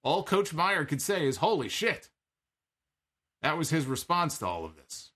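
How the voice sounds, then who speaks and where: A man's voice: a little high, very animated, normal speed, a bit bright. A man giving a casual spoken recap of a wrestling show, conversational with wry asides and frequent filler words.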